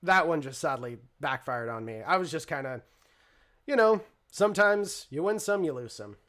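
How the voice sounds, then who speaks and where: A man's voice: fairly high pitch, expressive, moderate pace, fairly bright tone. A man voicing a brash, smug teenage boy in a leather jacket during a tabletop role-play game. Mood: cocky.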